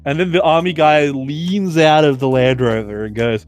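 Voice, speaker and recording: Aussie podcast co-host, young, casual swearing storyteller, lots of fillers. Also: male voice, a little high, moderate pace, few pauses, smooth, faint music behind. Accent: Australian. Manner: animated, swearing, filler-heavy.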